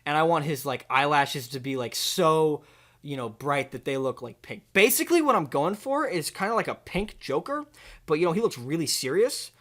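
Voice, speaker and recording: In a comedy video, a young host talks at normal speed while pitching a silly movie, wandering off course in a dry, expressionless manner loaded with fillers.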